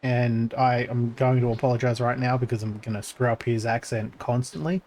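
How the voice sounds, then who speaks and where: A man's voice: steady tone, normal speed, darkish tone. Rambling male game streamer. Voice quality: voice gets crackly when pushed deep. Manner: rambling, thinks aloud with many fillers and restarts. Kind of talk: casual gameplay commentary.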